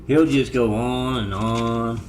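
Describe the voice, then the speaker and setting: Speaking slowly in a steady, darkish mid-range voice, a male video maker delivers a long, digressive monologue against slight background noise. Numbers and web addresses get spelled out letter by letter along the way.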